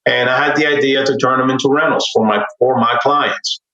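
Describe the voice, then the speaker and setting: A middle-aged man telling his own story as a podcast guest, earnest and candid, animated as he relives it. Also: mid-range voice, fairly quick. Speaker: podcast guest, real estate investor. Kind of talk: personal storytelling in a podcast interview. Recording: dull, roomy sound, distant from mic.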